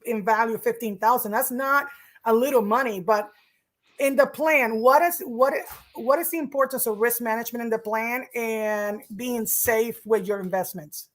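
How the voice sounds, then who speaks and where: Woman host asking questions, fairly high. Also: steady tone, moderate pace. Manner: affirming, asks long questions. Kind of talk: casual interview.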